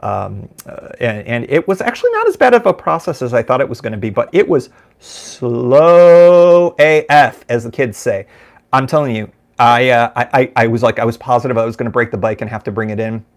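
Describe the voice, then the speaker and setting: A middle-aged American man hosts a live show from a room at home. He rambles through casual chat, full of fillers, restarts and self-deprecating asides. His voice sits in an ordinary middle pitch. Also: big pitch swings, fast, gravelly. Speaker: podcast host.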